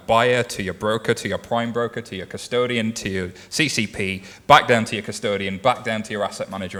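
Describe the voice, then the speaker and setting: Man, 30s, low voice, panelist, explanatory, everyday analogies. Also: a bit bright.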